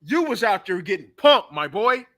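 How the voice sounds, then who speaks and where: A young man with a high, very bright and forceful voice rants about football on his own talk show. He is blunt and heated, calling players out in a loose, casual sports-reaction style. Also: sing-song, normal speed. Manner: blunt, trash-talking, heated.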